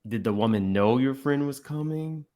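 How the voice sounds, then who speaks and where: A man's voice: mid-range voice, normal speed, dark tone. A man hosting a reaction commentary, blunt and opinionated, talking straight to his viewers. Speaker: commentary host. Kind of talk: reaction commentary on podcast clips.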